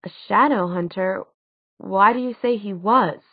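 A woman reading the part of a blunt, sarcastic teenage girl, pitching her voice higher with quick questioning retorts. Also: no room sound. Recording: dry, tinny phone-like sound.

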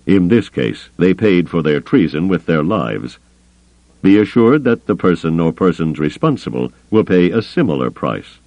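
Calm icy alien admiral, a guy reading him, dry and measured, deep voice that still moves around a lot. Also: dry recording. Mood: cool. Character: cold, calculating alien male admiral.

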